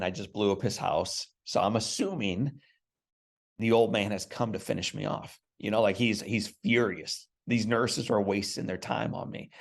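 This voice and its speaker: Earnest gravelly-voiced man. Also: fairly low pitch. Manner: earnest, emphatic storyteller. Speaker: guest. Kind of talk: storytelling in a podcast interview.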